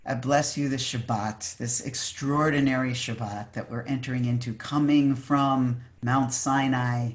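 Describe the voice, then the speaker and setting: A preacher giving a heartfelt Shabbat sermon over a video call, earnest and emphatic, sometimes pausing to search for words. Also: mid-range voice, steady tone. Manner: fervent, searching for words with fillers and restarts. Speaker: maggid, preacher.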